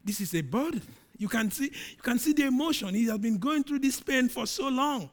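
At a moderate pace, a middle-aged preacher delivers a sermon and reads scripture with drama, alternating loud emphatic highs with quiet, low dips.

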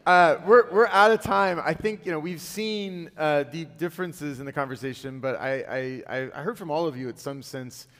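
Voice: medium pitch, moderate pace, few pauses. Panel moderator in a reverberant hall. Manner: frequent murmured backchannels, warm hesitant restarts. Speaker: moderator and host of the series.

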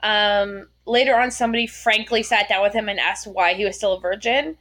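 A woman's voice: medium pitch, steady tone, a little fast, a bit bright. A young woman co-hosting a podcast, chatting casually with blunt, sarcastic remarks and free swearing. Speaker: podcast co-host. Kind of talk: casual chat.

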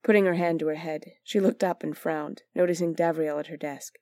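A woman narrates a story in a measured, expressive reading. Her voice is on the low side. The recording is close and dry with no room sound. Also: no room sound. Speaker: audiobook narrator.

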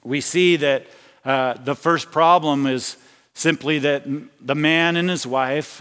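A man's voice: on the high side, fairly bright tone, big-room sound. A man preaching a sermon as pastor, talking conversationally and often restarting his phrases. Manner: conversational, with repeated restarts and personal anecdotes. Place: church sanctuary.

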